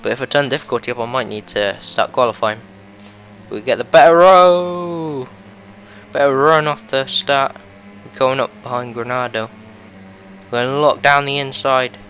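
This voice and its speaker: A young man giving excitable play-by-play commentary on a racing game, his voice going a bit hoarse. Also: mid-range voice, brisk, a little hiss or hum. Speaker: gaming video host.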